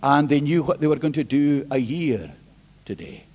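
A man pastor preaching an emphatic sermon, swinging between hushed and loud. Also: on the high side, normal speed, muffled recording. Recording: long hall reverb.

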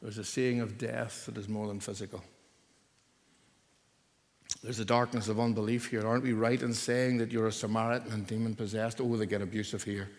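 An older man preaching a sermon, earnest and building at times to loud, forceful emphasis. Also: on the low side, little pitch movement, a little fast, in a large hall.

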